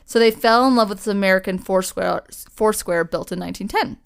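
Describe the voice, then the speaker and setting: A woman's voice: mid-range voice, fairly quick, creaky. A young woman co-hosting a podcast, telling a story in casual chat, chatty and swearing freely with lots of fillers. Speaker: podcast co-host.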